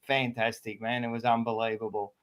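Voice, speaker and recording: A man's voice: medium pitch, flat delivery, brisk. An Australian man hosting a casual football podcast with his mates. He talks bluntly and swears often. He teases the others as he goes. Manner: blunt, swears freely, teasing. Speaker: podcast host. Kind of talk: casual sports chat.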